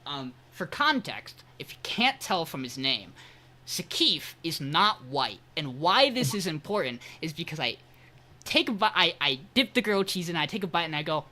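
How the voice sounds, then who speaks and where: A man's voice: on the high side, sing-song, normal speed, pushed and bright. Podcast guy rambling thru a funny story, voice jumps all over, laughs n swears a lot. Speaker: podcast co-host. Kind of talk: casual anecdote telling.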